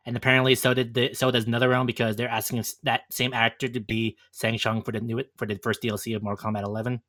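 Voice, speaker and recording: A man guesting on a podcast tells his stories eagerly and at a rapid clip. His tone is bright. He keeps it casual. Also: medium pitch, little pitch movement. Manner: eager, quick storytelling. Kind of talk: casual chat.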